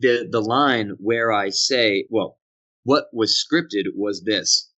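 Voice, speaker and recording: A man's voice: lowish voice, takes it slowly, a bit bright, lo-fi sound. A man with a Boston accent, a voice actor guest talking candidly and with self-deprecating humour in an interview from a dry hotel room.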